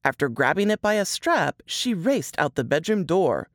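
A woman with a low voice reads her own story, lingering over each phrase. Her delivery is expressive, with lively swings of pitch, and the recording is close and dry. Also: moderate pace, no echo. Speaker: author reading her story. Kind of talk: dramatic fiction reading.

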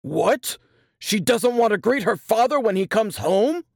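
A woman's voice: mid-range voice, lively intonation, unhurried, gravelly, dry recording, studio quality, voice pushed up. A woman voicing a drunken, abusive father who roars and mocks. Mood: scornful. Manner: roaring, mocking.

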